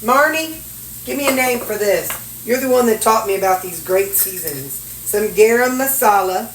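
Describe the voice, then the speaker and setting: With lively intonation and a medium-pitched voice at normal speed, a middle-aged Missouri woman cooks and measures in her home kitchen, talking folksily to herself and viewers for her vlog. A distant mic in the roomy space picks up slight background noise and clinking dishes and cutlery.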